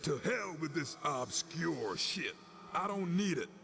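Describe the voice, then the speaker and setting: A tough, defiant antihero. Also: male voice, on the high side, very animated, slow, vocal fry, fairly bright tone, a little hiss or hum, heavily acted. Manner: blunt and defiant. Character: tough, angry male antihero in his prime.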